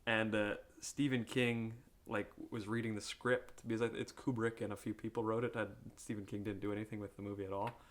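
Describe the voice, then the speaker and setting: A man's voice: lowish voice, flat delivery, fairly quick, hardly any pauses. This is a man from upstate New York co-hosting a film podcast. He talks in a loose, rambling way, swears freely and laughs often while he retells movie trivia. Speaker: podcast co-host. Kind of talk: casual film chat.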